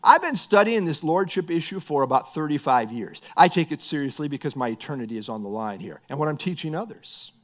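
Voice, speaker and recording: A man's voice: a little high, animated, brisk, hardly any pauses, fairly bright tone. A middle-aged man preaching a sermon as pastor, earnest and building to emphatic bursts.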